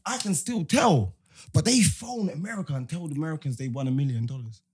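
A husky, slightly raised male voice, talking in loose, slangy banter. He circles back over his own points and keeps checking that he's understood. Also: fairly high pitch, a little fast, darkish tone. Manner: slangy, repeats himself. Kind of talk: casual banter.

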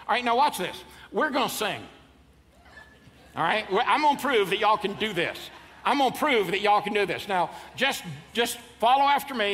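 A man's voice: high voice, lively intonation, normal speed, a bit bright. A man in his fifties preaching a sermon to a live congregation, joking and leading the crowd through call-and-response. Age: 50s. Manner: playful, jokes with the congregation, leads them in call-and-response. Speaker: pastor. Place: large church auditorium. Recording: hall reverb, faint ambience.

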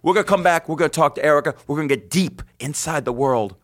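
A man's voice: fairly high pitch, quick pace. A man hosting a podcast, bantering brashly and joking in loose, profane radio-style chat. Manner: brash, joking, swears freely, radio-style shout-outs. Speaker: podcast host.

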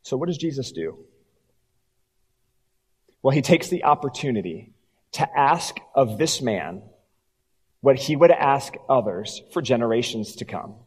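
A pastor preaching a sermon, telling the story and dropping low and quiet for emphasis. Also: male voice, very animated, a little slow, long pauses, breathy edge, long reverb tail.

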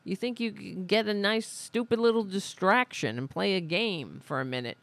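Woman podcast host, ranting commentary, profane and sarcastic; pitch swings widely, dry close sound. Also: animated, moderate pace, gravelly, no echo. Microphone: studio microphone.

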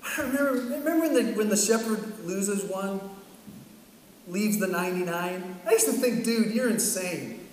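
A middle-aged man preaching a sermon, telling a story in an animated way and acting out the dialogue. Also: high voice, normal speed. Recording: echoey hall from far off, faint ambience.

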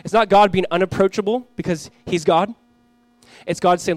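Man, pastor, earnest Christmas sermon, emphatic scripture reading, a bit high-pitched, dry sound. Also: fairly even intonation, no room sound, low-quality recording. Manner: earnest, reads scripture slowly and emphatically, acts out family scenes.

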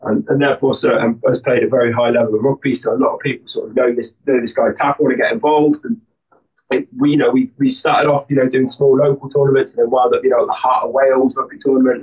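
A man tells a long story as an interview guest. He rambles and restarts often, with plenty of fillers. His voice sits at a middle pitch and sounds muffled and a bit far from the mic. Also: darkish tone. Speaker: guest, army instructor.

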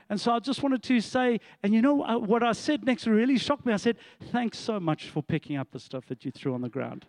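A man's voice: sits high, dry recording. A middle-aged man, a pastor telling a story to his congregation in a sermon, with asides and laughs.

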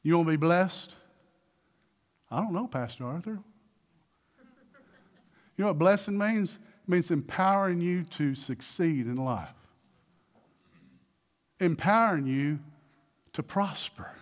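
Male pastor, fairly high-pitched voice, preaching a sermon with questions and emphatic build-ups. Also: animated, unhurried, pauses often. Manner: preaching with rising emphasis and call-and-response questions.

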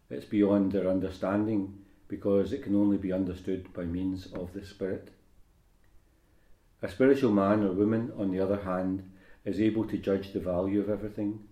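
A priest reading scripture at Mass and then giving a homily in a measured, unhurried way, with some hesitations. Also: male voice, sits low, warm tone. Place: church. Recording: roomy church echo.

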